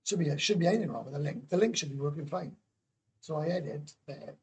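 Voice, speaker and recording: Chatty Welsh man, husky voice. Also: fairly high pitch, quick pace, a little mellow. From Wales. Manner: chatty, blunt, swears casually. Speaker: livestream host. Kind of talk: casual livestream chat. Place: home in Thailand.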